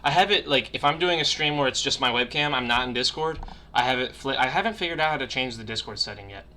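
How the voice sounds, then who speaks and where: A man's voice: mid-range voice, animated, quick pace, sharp tone, a little hiss or hum. A young man hosting a casual stream podcast from his room, rambling with lots of swearing and fillers. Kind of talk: casual chat on a livestream. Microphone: webcam mic on a video call.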